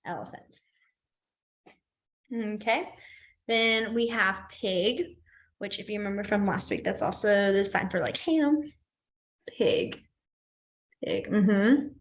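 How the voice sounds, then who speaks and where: A woman teaching a beginners' sign language class, chatty and self-deprecating, slowly repeating each word as she demonstrates. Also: medium pitch, darkish tone. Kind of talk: live class instruction. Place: library classroom.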